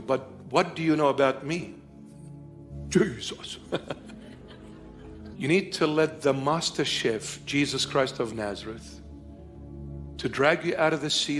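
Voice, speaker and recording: A high-pitched man preaches with emphatic repetition. He rises to loud stresses and drops to hushed lines. Faint music plays under him. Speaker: bishop preacher. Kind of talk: sermon.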